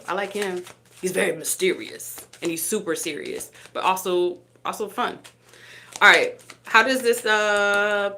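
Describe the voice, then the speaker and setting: A woman's voice: on the low side, gravelly, bright, forceful tone, slight background noise. A woman reading tarot live, chatty and teasing, often laughing between cards. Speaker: tarot reader.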